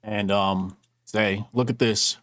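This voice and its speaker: A man hosting a casual live stream, blunt and quick to laugh, making pointed political remarks. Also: on the low side, fairly even intonation, a bit bright, dry recording.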